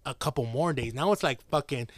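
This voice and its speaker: A man's voice: mid-range voice, brisk, no echo. A young man co-hosting a podcast, telling crude stories full of slang and swearing, often laughing and acting out what others said. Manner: profane, laughing, slangy, acts out quotes. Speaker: podcast co-host. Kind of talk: crude comedic storytelling.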